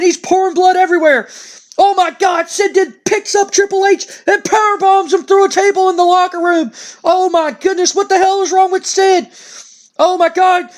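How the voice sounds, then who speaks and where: Excitable man narrating a wrestling sim. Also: extremely high pitch. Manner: excitable, play-by-play storytelling. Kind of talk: let's play narration.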